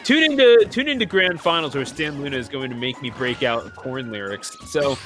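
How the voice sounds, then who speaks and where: A man commentating an online video game tournament play-by-play, excitable and joking, laughing often. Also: medium pitch, normal speed, music in the background. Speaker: esports commentator.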